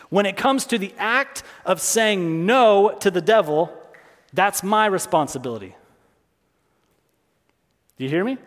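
A man preaching a sermon as pastor, calling out to the congregation and repeating lines for emphasis. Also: sits high. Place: church hall. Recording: long hall reverb, soft music behind.

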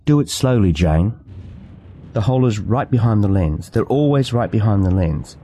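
A man voicing a confident grown man in an audiobook, speaking in a low, steady, coaxing way. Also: normal speed, a little hiss or hum, close to an everyday voice.

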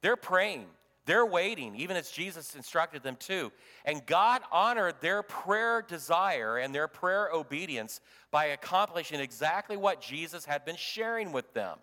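A man preaching a sermon as pastor, swinging from loud emphasis to hushed tones. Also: a little high, big pitch swings, a little slow, long reverb tail.

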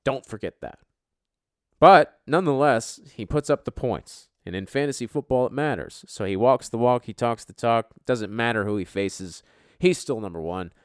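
Swearing freely, a brash, joking East Coast American man hosts a casual podcast and runs through rankings as a league commissioner. His mid-range voice is animated at a normal speed, captured dry and clean in a studio.

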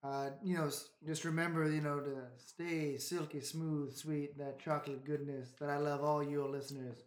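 A man's voice: a little high, flat delivery, moderate pace. A man co-hosting a casual podcast chat, jokey and tripping over his words. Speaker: podcast co-host. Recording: roomy echo.

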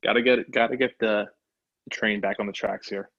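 A man co-hosting a podcast, making sports betting picks in a casual chat with a flat, subdued delivery. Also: fairly low pitch, moderate pace, lo-fi sound. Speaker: podcast co-host.

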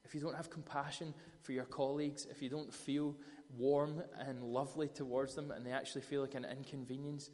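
A man preaches in a lively storytelling style and often acts out the scenes he describes. His voice sits at a middling pitch. A long reverb trails each phrase, as in a large hall. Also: brisk, hardly any pauses. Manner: storytelling, animated retellings of scripture. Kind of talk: sermon.

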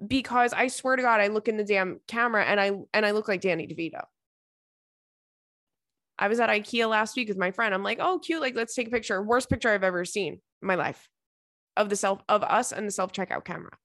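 A woman's voice: medium pitch, brisk, fairly bright tone, dry recording, clean studio sound. A young woman hosting a podcast, chatting casually and rambling through listener messages with lots of fillers. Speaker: podcast host.

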